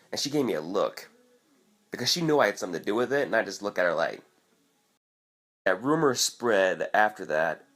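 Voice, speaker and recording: Animated man telling a wild story. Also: fairly low pitch. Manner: animated, profane, acts out quoted voices. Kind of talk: casual storytime vlog.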